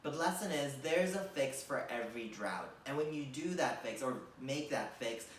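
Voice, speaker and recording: A man's voice: medium pitch, lively intonation, normal speed, a little hiss or hum. A young man performing a stand-up comedy set, with a rambling delivery full of fillers like "like" and "you know.". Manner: rambling, filler-heavy delivery with many likes and you knows. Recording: echoey room from far off.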